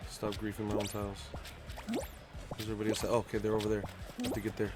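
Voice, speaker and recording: A young man streaming a game live, chatting casually and jokingly, sometimes bursting into loud shouts. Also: fairly low pitch, fast, long pauses, over music. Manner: excitable, jokey, bursts into shouts. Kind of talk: live gaming commentary.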